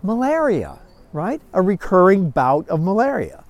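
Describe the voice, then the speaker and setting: A man teaching a Bible class, telling stories in a folksy, animated way with frequent chuckles. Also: high voice, unhurried, no room sound, muffled recording. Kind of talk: storytelling Bible lesson.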